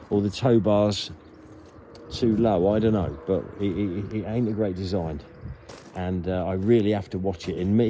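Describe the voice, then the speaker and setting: A man hosting a casual vlog, talking bluntly and jokingly with plenty of swearing. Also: mid-range voice. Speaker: vlog host. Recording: outdoor noise, vehicles behind.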